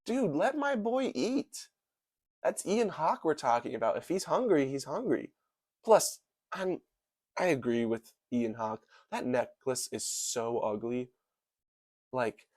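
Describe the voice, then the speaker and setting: A man's voice: medium pitch, darkish tone, no echo. A young man rants through a movie recap in a casual, hyperbolic ramble, leaning hard on "like" and "dude". His voice sits in a middle range and sounds close and dry, with no room around it. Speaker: movie reviewer. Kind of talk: casual comedic movie commentary.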